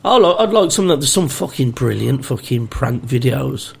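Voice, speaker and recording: A British podcast co-host with a gravelly, husky, medium-pitched voice tells stories in casual chat at a moderate pace. He's an animated storyteller who swears freely, laughs often, and acts out the voices of the people he quotes.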